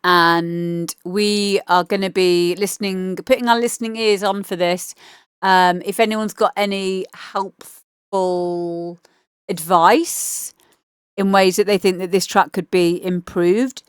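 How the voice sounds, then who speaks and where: A woman's voice: on the low side, steady tone, takes it slowly, smooth, no room sound, studio quality. A woman DJ chatting casually and enthusiastically on a livestream as she reviews listeners' demo tracks, swearing now and then. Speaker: DJ giving feedback on listener demos.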